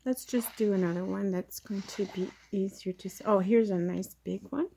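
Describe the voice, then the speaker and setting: Her voice is mellow but gravelly and husky, mid-range, at normal speed, as this plant grower gives a casual propagation tutorial. She chats hesitantly while her hands do the work. It's captured on a camera mic very close up.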